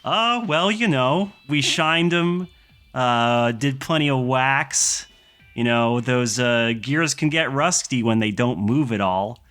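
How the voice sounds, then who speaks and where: A man's voice: mid-range voice, slow pace, fairly bright tone, pitched above the performer's own voice. A man voicing a cheerful, joking male mechanic in his forties in a tabletop game, with a folksy manner. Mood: cheery.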